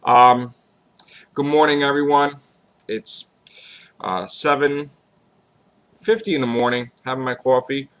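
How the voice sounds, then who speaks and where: A man vlogging casually, his voice slightly hoarse, talking emphatically and repeating himself, sometimes rising to high exclamations. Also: a little slow, pauses often, a bit bright. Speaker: YouTube vlogger on fan news. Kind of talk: casual vlog rant.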